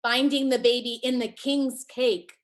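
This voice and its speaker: A woman's voice: a little high, flat delivery, a little slow, natural voice. A woman in an improvised comedy scene playing a suspicious, hot-tempered young woman who presses others with accusing questions. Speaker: improv performer.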